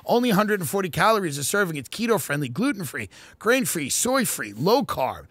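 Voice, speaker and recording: A man hosting a podcast, doing a profane, deadpan comedic ad read that swings into shouted rants. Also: sits high, fairly quick, no room sound. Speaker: podcast host reading ads.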